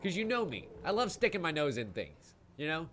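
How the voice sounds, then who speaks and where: A man commentating a live game stream, excitable and gushing, with frequent swearing. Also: fairly high pitch, brisk, slight background noise. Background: game music.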